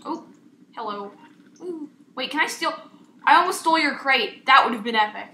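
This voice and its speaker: A young woman giving casual, excitable gameplay commentary as a YouTuber, chatty and self-mocking. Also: high-pitched, normal speed. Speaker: gaming YouTuber. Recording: echoey room with faint noise.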